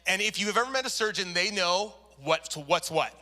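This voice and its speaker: A man preaching a sermon to a church, telling a personal story with lively acted-out voices. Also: sits high, brisk. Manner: animated storyteller, acts out quoted voices. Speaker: pastor. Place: church service.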